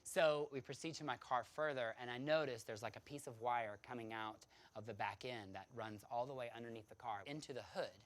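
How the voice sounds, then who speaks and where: A man telling a personal story to an audience, animated and dramatic, often laughing. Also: mid-range voice, brisk, hardly any pauses.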